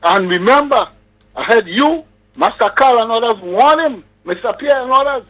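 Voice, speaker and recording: A man's voice: very high voice, lively intonation, normal speed, pushed and bright, poor audio. A man calling in to a radio show, talking in an emphatic, preachy way. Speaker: caller. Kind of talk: casual call-in chat.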